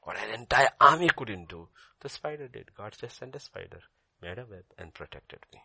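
An older male pastor delivers a sermon in a low, gravelly voice that moves over a wide, lively range. He swings from loud emphasis down to soft near-whispers and repeats key phrases. The sound is husky and dry, close and without room echo. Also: normal speed.

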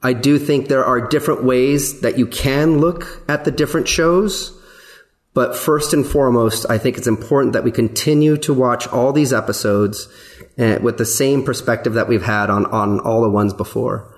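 Earnest man with a mid-pitched voice. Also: fairly even intonation. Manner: earnest and measured, with many ums and repeats. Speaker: executive producer of the podcast. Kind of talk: casual podcast discussion.

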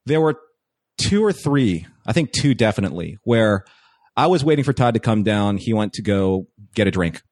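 Excitable man telling a fan story. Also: fairly low pitch, moderate pace, no echo, studio quality. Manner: animated, excitable anecdote-telling with acted-out quotes. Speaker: guest. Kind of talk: casual podcast storytelling.

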